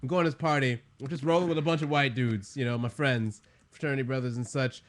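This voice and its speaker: A man's voice: mid-range voice, steady tone, fast. A young man co-hosting a podcast, a loose and slangy storyteller who laughs often. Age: young adult. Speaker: podcast co-host. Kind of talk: casual chat.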